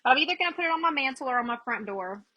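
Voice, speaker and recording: A woman's voice: high-pitched, lively intonation, very fast, lo-fi sound. A chatty woman, hosting a casual live crafting demo and greeting viewers by name as she works. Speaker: craft livestream host.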